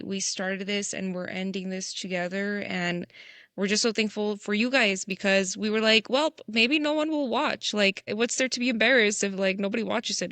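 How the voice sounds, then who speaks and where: A woman's voice: medium pitch, fairly bright tone, dry recording. A young adult woman co-hosting a casual podcast, chatty and reflective, with lots of "like". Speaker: podcast co-host. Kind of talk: casual chat.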